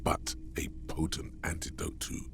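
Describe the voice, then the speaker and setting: An actor voicing the solemn narrator of a game, delivering poetic lines slowly and with weight. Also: male voice, a bit bright, slight background noise, natural voice. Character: solemn older male game narrator, grave and knowing. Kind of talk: scripted dramatic narration.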